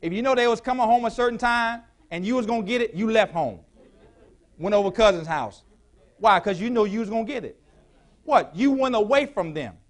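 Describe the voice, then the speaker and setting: Pastor guy preaching in church, kinda high voice, keeps asking the crowd y'all getting this. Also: animated, fairly quick. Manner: call-and-response preaching, building to shouts. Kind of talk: sermon. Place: church sanctuary.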